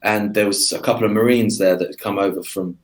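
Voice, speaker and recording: An English man, a guest in a casual interview, telling lively anecdotes with energy. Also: fairly low pitch, quick pace. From England. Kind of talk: casual conversation.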